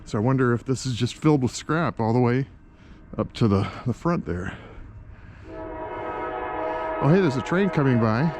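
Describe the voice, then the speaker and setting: A man narrating a casual vlog as he explores an old industrial site, musing and halting with many fillers, from a helmet-mounted camera. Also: mid-range voice, expressive, darkish tone. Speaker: vlogger exploring a historic site. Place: outdoors near rail lines and traffic. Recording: outdoor noise, traffic. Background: clear street and vehicle noise.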